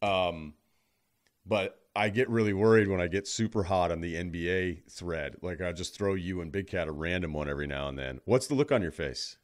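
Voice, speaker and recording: A man's voice: low voice, moderate pace. A man appearing as a podcast guest, talking in a wry, rambling way and correcting himself as he goes. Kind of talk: casual chat.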